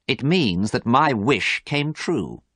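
A man reading a storybook, voicing a cruel, mocking young man who speaks slowly and hard. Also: mid-range voice, very animated, fairly bright tone, no room sound, studio quality, pitched above the performer's own voice, exaggerated voice. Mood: cold, cruel.

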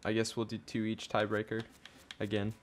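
Low-voiced young man chatting over gameplay. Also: completely flat delivery, normal speed, a little hiss or hum. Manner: joking, rambling with many likes. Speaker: gaming channel host. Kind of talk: casual gameplay chat.

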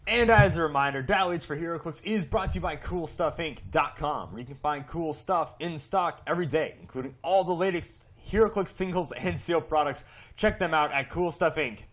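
A man co-hosting a casual podcast, talking in an excitable, gushing way and laughing often. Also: a little high, fairly quick. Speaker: podcast co-host.

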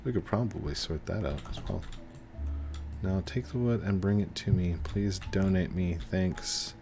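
A man's voice: low-pitched, a little slow, vocal fry, warm tone, soft background music. A young man hosting a casual game video, chatting in a rambling way and often trailing off and restarting. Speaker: gaming video host. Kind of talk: casual gameplay commentary.

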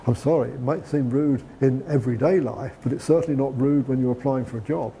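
A man delivers a lecture in a relaxed, conversational way, often restarting his sentences. His voice is gravelly and mellow, with a faint hiss of noise underneath. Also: medium pitch, a little fast. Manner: conversational with frequent restarts and fillers. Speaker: guest lecturer. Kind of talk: lecture on preparing a CV.

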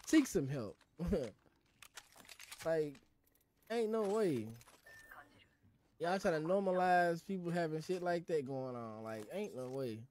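A man's voice: a little high, expressive, slow pace, pauses often, a little mellow, slight background noise. A man streaming a game and ranting in blunt, profane, slangy casual chat. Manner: slangy, loose talk. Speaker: livestreaming gamer.

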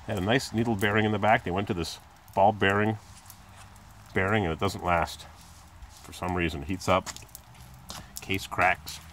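This car repair video maker talks at a normal speed with a steady, slightly bright tone and long pauses, while a faint hiss or hum sits under the audio. Standing by his car in a driveway, he rambles chattily as he works, phone camera in hand, and imitates squeaks in a high pitch.

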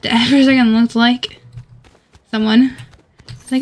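A woman with a slightly high voice streams a game, chatting to herself and giggling often. She rambles in a loose, casual way over a faint hiss. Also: level tone, normal speed. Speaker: gamer streaming solo play. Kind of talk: casual gaming commentary.

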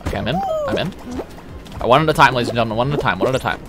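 A man streaming a platform game, talking casually in an excitable, boastful way with sudden yelps. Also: mid-range voice, racing, over loud music. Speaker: livestreamer. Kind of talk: casual gaming commentary.

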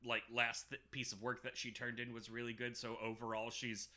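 A man's voice: medium pitch, brisk. A man co-hosting a podcast, casually retelling a film's plot and acting out the characters' lines with laughs. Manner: animated retelling with acted-out quotes and laughs. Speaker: podcast co-host. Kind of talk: casual movie recap chat.

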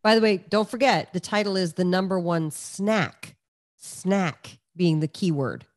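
Teasing, lowish-voiced woman co-host. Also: unhurried, no room sound, clean studio sound. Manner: teasing, laughs as she talks. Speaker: podcast co-host. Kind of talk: casual chat.

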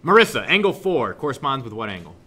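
A young man teaching a math class, joking with students and suddenly yelling for effect, recorded in a classroom. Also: mid-range voice, quick pace. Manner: joking, animated, shouts suddenly. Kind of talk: classroom lesson.

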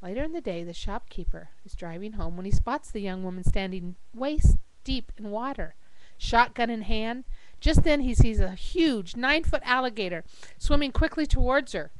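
A woman reading jokes aloud to a webcam at home in a lively storytelling voice, jumping up high for the silly characters. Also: moderate pace, dry recording, low-quality recording. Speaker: joke teller. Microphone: webcam microphone.

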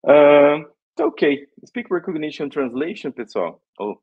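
Searching for words in halting English, a man from Brazil gives a live coding demo with a Brazilian Portuguese accent. His voice is a little high, animated and husky, heard over phone-quality sound.

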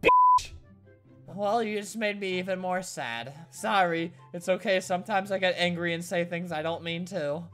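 A man's voice: sits high, normal speed, few pauses, a bit bright, faint music behind. Joking, mock-sad male gaming commentator. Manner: mock-sad, sarcastic, often breaks into laughter.

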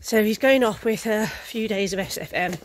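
A woman's voice: mid-range voice, normal speed. A woman running a racehorse retraining yard, chatting casually in a rambling way with lots of ums. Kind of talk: casual vlog chat.

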